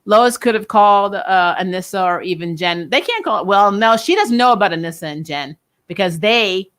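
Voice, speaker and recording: A woman's voice: medium pitch, moderate pace, a bit bright. A young adult woman hosting a casual live-stream chat about TV shows, talking loosely, laughing often and trailing off mid-sentence. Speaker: host of a TV review channel.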